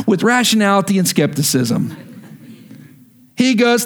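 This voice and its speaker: High-voiced man preaching a sermon. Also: lively intonation, normal speed. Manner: conversational, emphatic preaching. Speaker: pastor.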